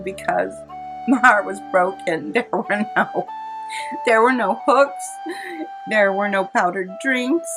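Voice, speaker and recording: A woman's voice: mid-range voice, slow pace. A woman from California, a vlogger telling a personal story in a chatty way and laughing often. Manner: chatty, warm-hearted, laughs often, dramatizes quotes. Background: soft instrumental music.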